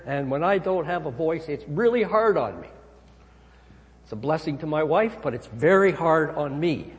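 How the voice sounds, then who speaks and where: A man preaching a sermon as pastor, emphatic, swinging his pitch and volume. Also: lively intonation, normal speed. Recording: long hall reverb.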